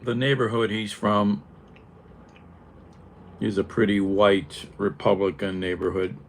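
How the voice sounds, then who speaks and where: An older man from Northeast Ohio with a flat Northeast Ohio accent, chatting casually with live viewers, wry and sarcastic, chuckling as he rambles. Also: fairly low pitch, measured pace, slight background noise. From Northeast Ohio, USA.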